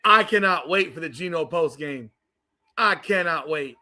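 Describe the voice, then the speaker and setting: A man's voice: fairly high pitch, lively intonation, normal speed, bright, forceful tone. A man from South Florida hosting a live watch-party podcast, ranting profanely and heatedly over the game. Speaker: podcast host.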